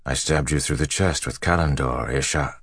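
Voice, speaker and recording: A man's voice: a bass voice, moderate pace, fairly bright tone, dry recording, clean studio sound. A man voicing a stubborn, defiant young male hero in a tense, insistent way.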